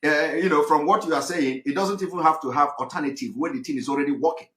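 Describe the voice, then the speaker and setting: A man's voice: on the high side, fast, a bit bright. A man hosting a talk show, answering a caller hesitantly with many fillers. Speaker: host. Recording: roomy echo.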